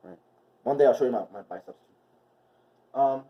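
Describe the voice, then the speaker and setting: In a medium-pitched voice at normal speed, a male movement and wellness instructor runs a casual vlog class. His delivery is rambling and filler-heavy, and the mic sounds dull and far away.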